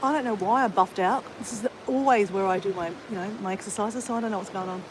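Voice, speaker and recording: A woman's voice: medium pitch, fast talker, background noise. An Australian woman chatting to her live viewers, rambling with many fillers and restarts as she exercises. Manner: exercising while talking. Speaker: vlogger. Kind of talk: casual chat to live viewers.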